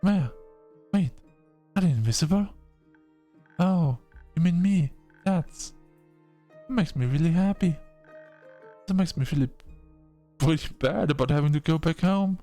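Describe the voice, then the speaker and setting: A man doing a bright, high-voiced tavern patron. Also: a little slow, long pauses, faint music behind. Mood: touched. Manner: bright, excited, raised voice.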